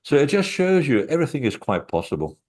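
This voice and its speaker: A man's voice: fairly high pitch, big pitch swings, quick pace, a little mellow. A middle-aged man, a guest author, talking casually in an interview and telling rambling anecdotes with many fillers.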